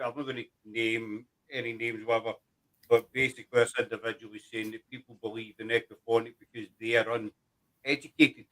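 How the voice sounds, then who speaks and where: A man hosting a chat show, explaining things in a rambling, halting way. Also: mid-range voice, fairly bright tone. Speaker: host. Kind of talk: casual chat.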